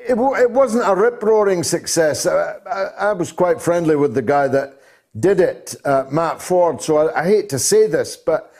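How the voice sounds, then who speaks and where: A man's voice: on the high side, moderate pace, a little mellow. Man hosting a casual interview. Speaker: interview host.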